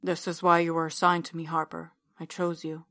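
Woman voicing a quiet, brooding older man. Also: low-pitched, level tone, brisk, dry recording. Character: big older man, brooding cult believer and captor.

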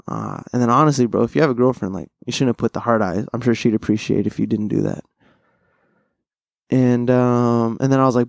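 A man's voice: medium pitch, fairly quick, gravelly, no room sound. A man hosting a podcast, telling a story in a casual, slangy, heavily profane way. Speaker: podcast host. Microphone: studio mic.

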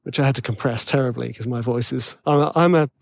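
A man's voice: mid-range voice, fast, vocal fry, no room sound. A man with a tenor voice hosting a podcast, rambling and self-deprecating in casual chat full of fillers. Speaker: podcast host.

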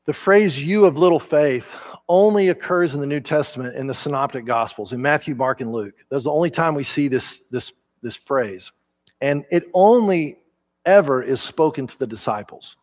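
Animated pastor preaching. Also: male voice, on the high side, moderate pace. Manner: conversational, animated preaching with acted quotes. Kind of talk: sermon. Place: church sanctuary.

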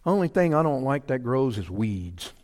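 A man's voice: mid-range voice, big pitch swings, moderate pace, darkish tone, long reverb tail. A man preaching a sermon in a folksy, emphatic way, repeating his key phrases. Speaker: pastor.

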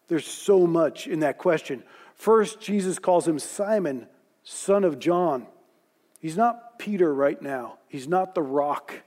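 A man telling a Bible story in a sermon, slowing and softening when he voices quoted lines. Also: high-pitched. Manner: storytelling, voicing quoted lines softly and slowly. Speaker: preacher. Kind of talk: sermon narration.

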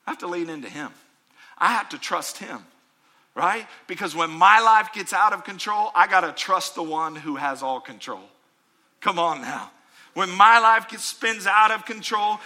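Bright, high-voiced preacher man shouting. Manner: preacher's call-and-response, rising to shouts. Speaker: pastor. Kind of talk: sermon.

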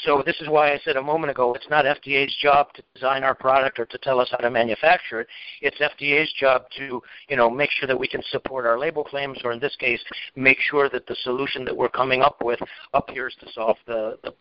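Man, podcast host, measured explainer, dry dull lo-fi sound. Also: mid-range voice, fairly even intonation, no echo. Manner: deliberate, explains carefully with many fillers. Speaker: regulatory expert host. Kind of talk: casual explanatory chat.

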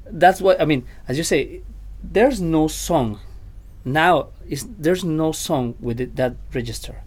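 A man, a vocal coach, chats as a podcast guest. His voice sits a little high for a man. He keeps backing up and restarting his sentences, and stays lively throughout. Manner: halting, many restarts, animated. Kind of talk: casual podcast conversation.

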